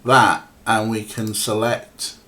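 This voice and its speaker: Low-voiced rambling game streamer man. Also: level tone, takes it slowly, bright, forceful tone. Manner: rambling and chatty, with many fillers, chatting to viewers and cats. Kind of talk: casual let's-play commentary.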